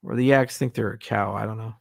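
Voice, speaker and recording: A middle-aged man with a deeply gravelly, husky voice riffs through viewer questions on a livestream. He jokes and swears freely. The sound is dry and close, with no room around it. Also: fairly even intonation, a little fast, no room sound. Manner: irreverent, joking, swears freely. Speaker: host answering viewer questions. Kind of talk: casual livestream Q&A.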